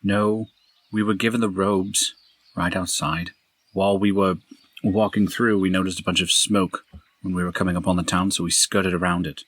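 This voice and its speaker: A man's voice: low voice, level tone, normal speed, a bit bright, no room sound. A man playing a tabletop game, talking in a casual, matter-of-fact way. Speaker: player.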